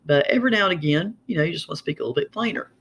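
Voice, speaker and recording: A man's voice: fairly high pitch, lively intonation, a bit bright, a little hiss or hum. A man from Southern Appalachia with a twangy Southern Appalachian accent, chatting casually as he explains regional sayings. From Southern Appalachia, USA. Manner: chatty, folksy, drawn-out twang.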